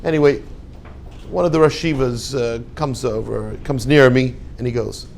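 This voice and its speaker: An older man, a rabbi and yeshiva head, giving a storytelling talk and acting out the dialogue with lively voices. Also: medium pitch, moderate pace, gravelly, a little hiss or hum. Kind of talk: storytelling lecture.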